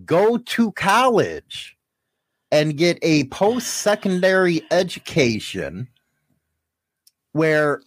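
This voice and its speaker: A man's voice: on the high side, big pitch swings, takes it slowly, pauses often, no echo. A man co-hosting a casual talk show, joking loosely and swearing freely. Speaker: podcast co-host. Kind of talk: casual chat. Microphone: studio mic with headphones.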